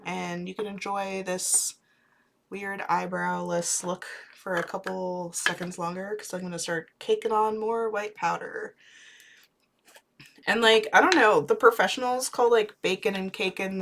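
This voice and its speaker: A woman's voice: medium pitch, fairly bright tone, a little hiss or hum. A woman in her thirties chatting casually and rambling while doing makeup on a livestream. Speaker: clown makeup streamer.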